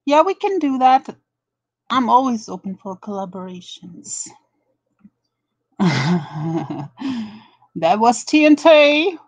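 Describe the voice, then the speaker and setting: A woman's voice: on the high side, big pitch swings, slow pace, long pauses, no echo. A woman with a German accent hosting a live drama commentary stream, greeting chatters and mocking rivals with lots of swearing. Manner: profane, mocking, greets viewers one by one.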